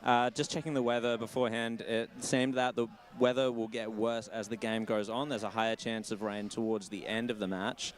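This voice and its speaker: A man reporting from the boundary line, measured and thoughtful with fillers. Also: on the low side, flat delivery. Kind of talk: sideline sports report.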